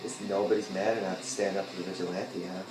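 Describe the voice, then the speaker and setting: A man rambling and joking through casual gameplay commentary, breaking into loud outbursts now and then. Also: low voice, level tone, quick pace. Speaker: gameplay video host. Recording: echoey room with game music behind.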